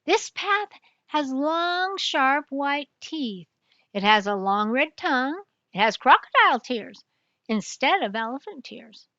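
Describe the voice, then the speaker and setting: A woman voicing a clever, self-assured male detective in a storybook, speaking slowly and brightly. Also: high voice, sing-song, no echo, lo-fi sound, exaggerated voice. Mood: confident. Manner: confident, explaining.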